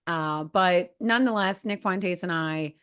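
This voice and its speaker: A woman co-hosting a podcast in casual chat. Her voice is hoarse and slightly raspy from a lost voice, and she rambles with many fillers and self-corrections. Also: on the low side, unhurried, a bit bright. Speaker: podcast co-host.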